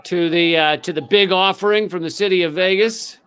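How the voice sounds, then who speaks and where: A man's voice: high voice, brisk, a bit bright, smooth. A man hosting a livestream, ranting with sarcastic, profane commentary and frequent fillers. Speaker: livestream host.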